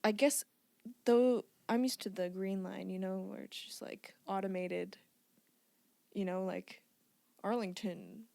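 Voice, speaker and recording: A woman's voice: mid-range voice, fairly even intonation, unhurried, creaky, mellow, no echo. A woman co-hosting a podcast, telling a rambling story with frequent giggles and fillers. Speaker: podcast co-host. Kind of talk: casual chat.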